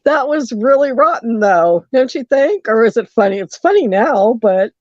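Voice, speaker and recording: A woman caller telling a story on a late-night call-in show, animated and acting out the quotes. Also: on the high side, measured pace, dry recording, highs cut off.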